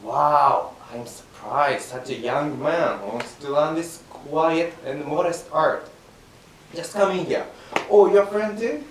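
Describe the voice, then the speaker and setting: A man's voice: a little high, slow pace, recorded from a distance, voice pushed down. A man voicing a polite, welcoming male teacher of an odd art, in rakugo storytelling. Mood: courteous. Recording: very echoey room from afar, faint hiss.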